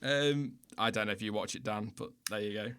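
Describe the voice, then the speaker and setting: A man's voice: fairly low pitch, brisk, fairly bright tone, clear, resonant tone. A British man hosting a livestream in casual chat, chatty and self-mocking, laughing often. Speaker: livestream host.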